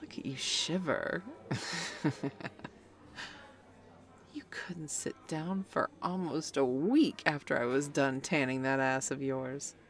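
A woman's voice: extremely low pitch, slow pace, full character voice. A young woman voicing a cocky, taunting female best friend in an audio role-play, talking in a smug, playful way.

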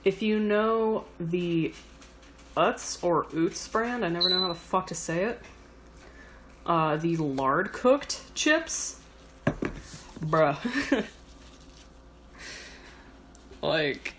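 In her home kitchen, a woman cooks and chats casually, rambling and swearing with self-mocking humor. Her lowish voice is animated yet slow, with long pauses, and knife chopping and kitchen noise fill the background.

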